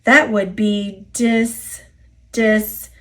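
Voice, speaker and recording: A woman's voice: medium pitch, fairly even intonation, extremely slow. A woman with an American accent voicing a proud, dismissive male engine. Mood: indignant.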